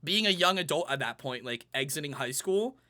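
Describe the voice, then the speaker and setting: A young man with a bright, forward voice, pitched a little above most men. He tells his own story in relaxed conversation and voices his past self in lively asides. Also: fairly quick. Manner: animated, quotes himself in lively acted-out asides. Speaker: panel guest. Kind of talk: casual personal storytelling.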